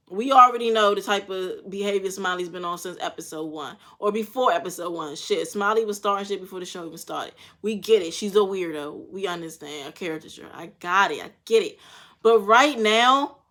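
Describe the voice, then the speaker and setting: A woman's voice: medium pitch, a bit bright. A young woman talks through a reality show episode in loose, slang-filled commentary. She is blunt and swears freely, reacting with frank opinions. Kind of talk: casual commentary.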